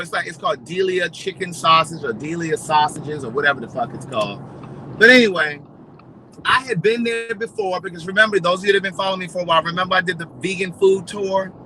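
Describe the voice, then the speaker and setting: A man chatting casually to his viewers, telling stories in a gossipy, animated way. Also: on the high side, slight background noise, rough recording. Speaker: vlogger. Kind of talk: casual storytelling chat.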